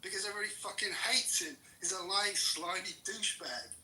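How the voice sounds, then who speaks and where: A man's high, piercing voice rings out in an angry, profanity-laden tirade, berating his opponent without pause. The sound is roomy and echoey, picked up from a distance across the room. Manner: furious, swears constantly, shouts insults. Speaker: political commentator in a heated debate. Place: room with others present. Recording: roomy echo, distant mic.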